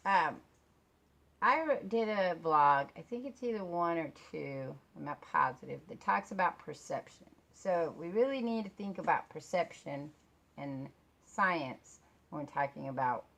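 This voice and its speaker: A woman's voice: low voice, creaky, a bit bright. A middle-aged woman chatting to camera in her own vlog, rambling and self-deprecating, laughing often as she talks. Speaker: vlogger. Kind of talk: casual chat to camera.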